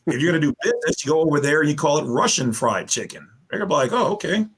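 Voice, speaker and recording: Husky man lecturing on a podcast. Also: fairly high pitch, rapid-fire. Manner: animated, lecturing, rambling with restarts. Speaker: podcast guest explaining legal theories. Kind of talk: casual podcast talk.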